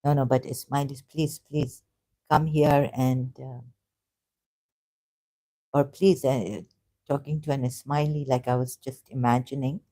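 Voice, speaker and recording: A woman vlogging about religion to camera, hesitant and halting with many restarts, earnest and openly frustrated. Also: rumbling low, steady tone, mellow. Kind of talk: unscripted talk to camera.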